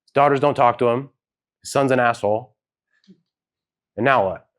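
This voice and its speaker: At a live event with an audience in the hall, a dad tells a personal story as a keynote in a relaxed, hedging manner, voicing the people he quotes. His voice is medium-pitched and fairly bright, at normal speed.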